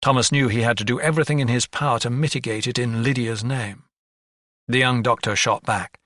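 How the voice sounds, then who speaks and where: Bright, dry-voiced male narrator. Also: medium pitch, fairly even intonation, brisk, no echo. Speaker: audiobook narrator. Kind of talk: scripted narration.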